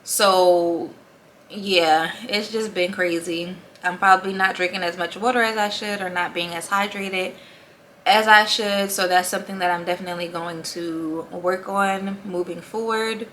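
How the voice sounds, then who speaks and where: A woman's voice: on the low side, steady tone, a little slow, bright, forceful tone, slight background noise. A young woman chatting casually in a vlog, short of breath and laughing often between thoughts. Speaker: vlogger. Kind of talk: casual pregnancy update vlog.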